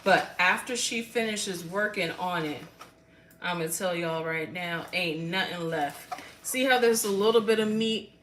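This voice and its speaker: Older woman, chatty livestream host, lower voice, roomy off-mic phone sound with faint noise behind. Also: measured pace, fairly bright tone, far from the mic. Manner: chatty, talks straight to viewers. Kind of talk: casual livestream chat.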